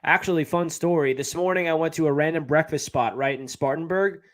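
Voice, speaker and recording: A man's voice: fairly high pitch, a little fast. Chatty man with a New York area accent. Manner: chatty, reads and answers viewer comments. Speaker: livestream host. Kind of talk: casual live chat.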